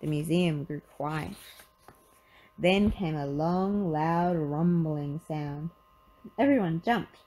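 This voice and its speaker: A woman reading a children's picture book aloud in an expressive storytelling manner. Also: sits low, takes it slowly, a little hiss or hum, rough recording.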